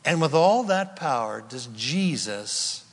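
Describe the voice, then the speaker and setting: A pastor preaching a sermon, telling the story with animated energy and then dropping to a hushed, earnest prayer. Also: male voice, fairly high pitch, takes it slowly. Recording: long reverb in a large hall.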